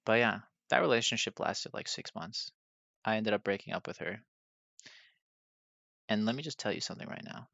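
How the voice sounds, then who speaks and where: A young podcast host tells personal stories casually, rambling, mocking himself, and laughing often. His voice is lowish, creaky, and fairly bright, at a moderate pace with long pauses, and the recording has no echo but sounds dull and lo-fi with faint music.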